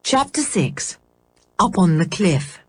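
A woman narrates a children's story in a measured, expressive way, her pitch moving widely. Her voice is slightly husky. The recording is close and dry. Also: no echo.

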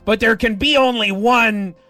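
A man hosting a morning radio call-in show, running it with brisk, playful banter. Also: very high voice, pushed and bright, no room sound. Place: radio studio.

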